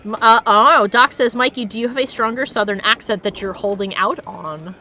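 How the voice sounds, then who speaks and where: A woman streaming a video game, chatting casually, reacting loudly and laughing often. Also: on the high side, moderate pace, a little hiss or hum. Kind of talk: casual let's-play chat.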